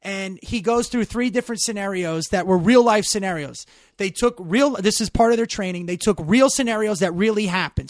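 Blunt, profane man with a high voice. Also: dry recording, studio quality. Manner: blunt, profane, rambling with many restarts, heats up into emphatic ranting. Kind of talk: casual chat.

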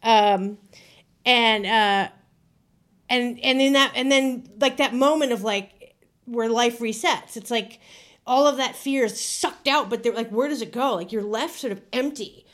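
A woman's voice: on the high side, measured pace, a bit bright. A woman telling a personal story on a podcast in a casual, chatty way, with many fillers and building suspense.

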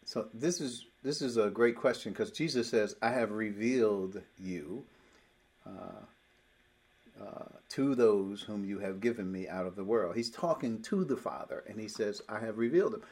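A man's voice: lowish voice, moderate pace, a little mellow, husky. A man teaching a Bible lesson, explaining verses step by step and reading scripture aloud with emphasis.

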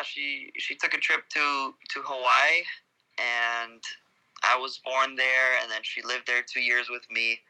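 A young man in his twenties from Costa Rica, a surfer guest telling his story casually in an excited, rambling way with many fillers. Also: medium pitch, creaky, rough recording.

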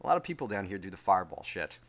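A man's voice: deep voice, very animated, rapid-fire. A man hosting a solo podcast who reads out listener email, then rambles and swears heavily as he gets worked up. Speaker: podcast host.

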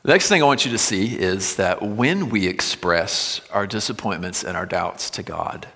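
A male pastor preaching a sermon, reading scripture with swelling intensity and dropping low and quiet between passages. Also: lively intonation, normal speed, vocal fry. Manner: reads scripture with rising intensity, then drops low and quiet. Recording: long hall reverb.

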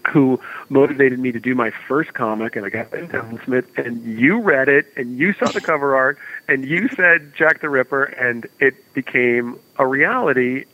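A man's voice: medium pitch, muffled recording. A man, an author being interviewed, telling rambling anecdotes in casual chat. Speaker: author guest.

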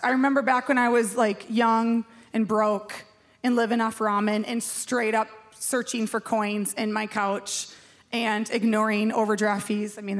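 A woman pastor giving a sermon in a chatty, self-mocking way, asking the room questions. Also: on the high side.

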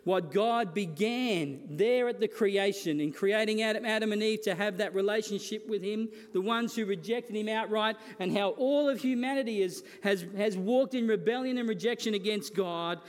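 A man's voice: high voice, normal speed, hardly any pauses. A man preaching a sermon as a pastor, earnest and building his points through repeated phrases. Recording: long reverb of a large hall.

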